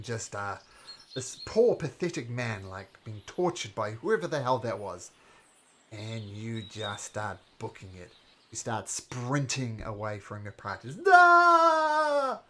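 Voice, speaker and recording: A man's voice: medium pitch, expressive, measured pace, a little hiss or hum. A man narrating a tabletop game as game master, with lots of fillers and hesitations.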